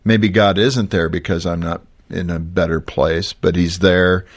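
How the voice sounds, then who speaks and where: A man with a lowish voice hosts a faith talk show. He asks probing questions, filling pauses with "uh" and "um". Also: flat delivery, breathy edge. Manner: warm-paced, probing questions with fillers. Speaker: host.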